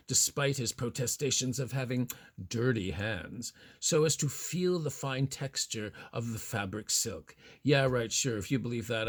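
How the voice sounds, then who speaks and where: A man telling a fashion story as a vlogger, with a cheeky, flamboyant, over-the-top delivery and a slightly husky voice. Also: medium pitch. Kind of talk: theatrical storytelling monologue.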